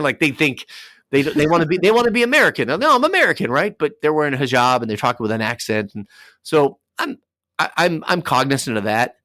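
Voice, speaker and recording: A man, a radio DJ, chatting as a podcast guest and telling lively stories with acted-out dialogue. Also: mid-range voice, no echo, studio quality. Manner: animated storyteller acting out dialogue. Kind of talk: casual podcast interview.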